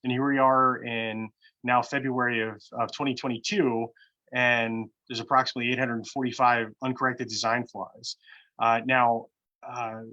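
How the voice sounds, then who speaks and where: A man, a defense analyst, explaining at length in a halting, earnest way with many fillers and restarts. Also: mid-range voice, little pitch movement, pushed and bright, muffled recording. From United States. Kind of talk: explanatory discussion.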